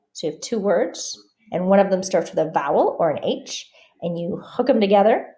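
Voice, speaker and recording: A French teacher with a medium-pitched voice gives a pronunciation lesson. She says example words slowly and clearly, then explains them in a calm, careful way.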